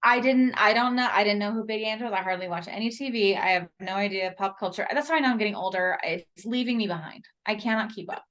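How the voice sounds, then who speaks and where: A woman co-hosting a podcast in casual chat with her best friend, animated and quick to laugh. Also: medium pitch. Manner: animated, laughs often, reflective asides. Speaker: podcast co-host.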